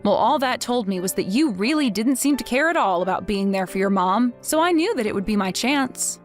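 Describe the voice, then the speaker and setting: A woman's voice: medium pitch, animated, brisk, soft background music, lightly acted. A woman voicing a cold, vengeful wife. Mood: taunting. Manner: mocking, sarcastic. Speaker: wife in a text-message story.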